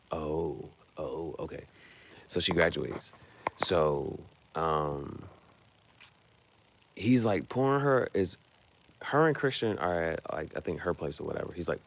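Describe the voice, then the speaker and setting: A man's voice: low-pitched, gravelly. A man, casually recapping a movie in a rambling way, full of fillers. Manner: rambling, full of fillers like "you know what I'm saying". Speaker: vlogger.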